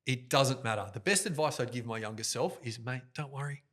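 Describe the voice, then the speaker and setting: Sitting close to a directional microphone, this middle-aged guest, who works as an event host and MC, tells animated stories during a podcast interview. He speaks at a medium pitch, brightly and forcefully, in quick, lively bursts, energetic and jokey, gesturing toward the mic.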